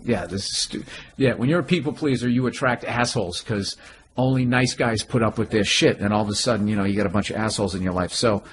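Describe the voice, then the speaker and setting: A middle-aged man, a comedian guest, talking in animated, swearing, rambling rants. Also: lowish voice, quick pace, a little hiss or hum. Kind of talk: casual interview chat.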